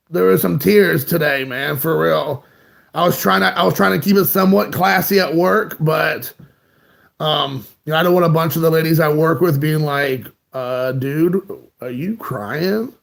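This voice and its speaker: Gravelly high-voiced guy rambling on his live stream, chatting away with viewers. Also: fairly even intonation, normal speed, fairly bright tone. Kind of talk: casual live-stream chat.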